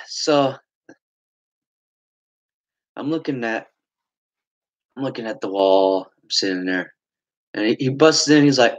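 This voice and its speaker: A young man telling a long story in a casual, rambling way, swearing often and filling pauses with "like" and "uh". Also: medium pitch, lively intonation. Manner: rambling, swearing, frequent fillers.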